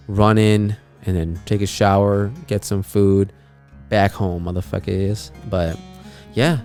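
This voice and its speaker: A young man with a fairly low voice tells a travel story as a podcast host. His talk is loose and rambling, full of fillers and swearing. Soft guitar music plays faintly behind him. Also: gravelly. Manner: laid-back, profane, rambling with lots of fillers. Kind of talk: casual travel story chat.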